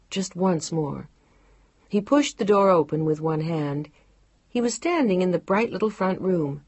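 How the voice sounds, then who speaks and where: A woman narrating an audiobook romance in a measured, emotive storytelling manner. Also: lowish voice, darkish tone, breathy edge, dry recording. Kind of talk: scripted narration.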